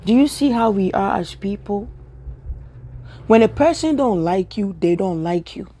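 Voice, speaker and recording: A woman with a Ghanaian accent speaks straight to her viewers in an emphatic, repetitive rant. Her voice is mellow and warm, and she drives each point home by saying it again. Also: mid-range voice, lively intonation, a little slow. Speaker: social media commentator. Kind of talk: direct-to-camera opinion rant.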